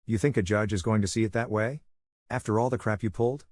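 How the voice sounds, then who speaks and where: A man's voice: lowish voice, steady tone, fast talker, darkish tone, dry recording, clean studio sound, close to an everyday voice. A man reading the lines of a smug, sarcastic husband in a scripted story, dismissive and scornful in manner.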